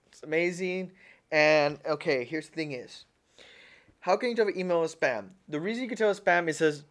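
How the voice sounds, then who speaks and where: A man's voice: a little high, big pitch swings, brisk, a bit bright. Rambling man hosting a livestream. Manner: rambling, repeats himself, keeps calling viewers "guys". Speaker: livestream host. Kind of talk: casual livestream tech talk.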